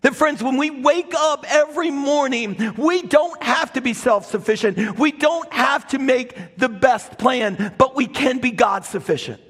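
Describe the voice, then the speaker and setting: A man's voice: very high voice, unhurried, hardly any pauses, fairly bright tone, husky. A man preaching a sermon as a pastor, dramatic, crying out quoted lines at full voice. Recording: long hall reverb.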